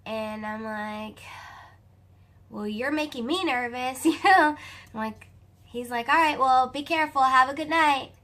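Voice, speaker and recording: A young woman with a Southern US accent telling a personal story to camera in a chatty, animated way, often calling out to her viewers. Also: high voice, unhurried. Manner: animated, chatty, addresses viewers as you guys.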